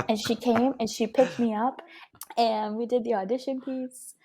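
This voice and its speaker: A young woman guest telling a personal story in a lively way, acting out the voices of people she quotes. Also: mid-range voice, fairly quick, vocal fry, breathy edge. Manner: lively, acts out quoted dialogue.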